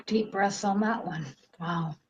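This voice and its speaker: Slow-talking Canadian woman host. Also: mid-range voice, highs cut off, noisy background. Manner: casual, relaxed, reads questions aloud. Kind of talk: reading viewer questions on a live stream.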